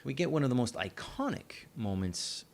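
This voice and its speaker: A man's voice: medium pitch, sing-song, moderate pace, gravelly. A man co-hosting a film review podcast, chatting casually with dry, teasing humor. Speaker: podcast co-host.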